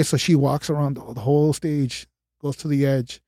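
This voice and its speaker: A man, a guest on a casual podcast, telling a backstage story in a lively way, acting out what people said and swearing freely. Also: mid-range voice, normal speed, dry recording, clean studio sound. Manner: animated, acts out quoted dialogue, swears freely. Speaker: guest, former stage manager.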